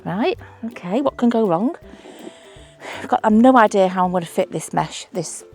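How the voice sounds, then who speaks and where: Faint music plays behind a woman's mid-range, animated and slightly mellow voice at normal speed. She's a middle-aged allotment vlogger with a Manchester accent, building a trellis outdoors while chatting, thinking aloud and laughing at herself.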